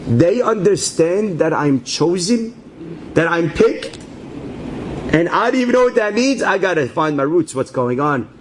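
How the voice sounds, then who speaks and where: A man's voice: sits high, big pitch swings, unhurried, a little hiss or hum, rough recording. Jittery young guy muttering to himself, wry and worried, storyteller doing him. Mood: nervous. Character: nervous young secular Israeli man.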